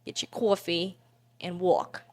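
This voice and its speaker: A brash, pushy New Yorker barks short loud lines, as a young woman puts one on. The voice sits fairly low. The accent is thick New York. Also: little pitch movement, takes it slowly. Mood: brusque. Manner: loud, brusque.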